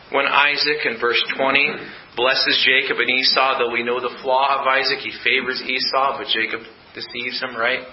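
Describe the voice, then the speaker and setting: A man's voice: medium pitch, lo-fi sound, a little hiss or hum. A man preaching a sermon as pastor, emphatic, repeating his points and asking rhetorical questions. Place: church.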